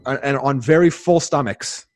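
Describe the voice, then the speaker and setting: A man co-hosting a podcast in casual chat, rambling and excitable, often restarting his sentences. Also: medium pitch, normal speed, no room sound. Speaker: podcast co-host.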